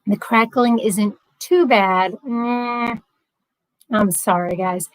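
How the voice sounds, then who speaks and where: A young woman with a fairly high voice hosts a casual livestream, chatting freely and reading out viewer comments. She laughs easily and keeps it loose. The sound is dry and close, with no room around it. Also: slow, dry recording, low-quality recording. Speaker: livestream host.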